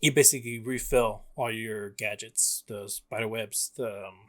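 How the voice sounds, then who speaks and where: A man's voice: on the low side, fairly even intonation, moderate pace. A young man chatting casually about a video game as a podcast co-host, rambling with lots of fillers and frequent laughs.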